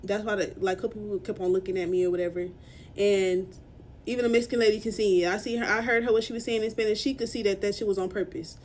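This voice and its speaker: A young woman telling an emotional storytime vlog, upset and halting, with many fillers and restarts, recorded on a phone camera in a small room. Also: medium pitch, fairly even intonation, darkish tone, a little hiss or hum. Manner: tearful at moments. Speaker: vlogger.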